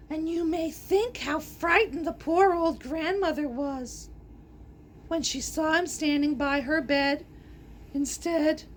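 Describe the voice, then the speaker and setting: A woman storyteller reading a fairy tale aloud in an animated way, gasping and adding playful asides. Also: sits high, slight background noise.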